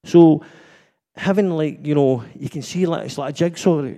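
Scottish man, church testimony, chatty storyteller who laughs a lot, mellow warm tone, echoing hall. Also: a little high, normal speed. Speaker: church member giving testimony. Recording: long hall reverb.

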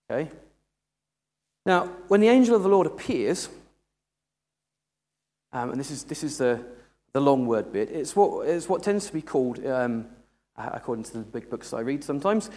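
A man's voice: on the high side, warm tone. A man preaching a sermon in a humorous, conversational way. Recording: echoey hall.

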